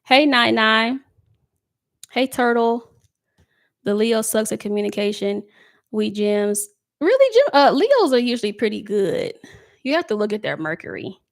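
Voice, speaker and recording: A woman doing a relaxed live tarot love reading for her viewers. She talks in a loose, conversational way, reads out their comments and breaks into laughter often. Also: on the high side, measured pace, pauses often. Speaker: tarot reader.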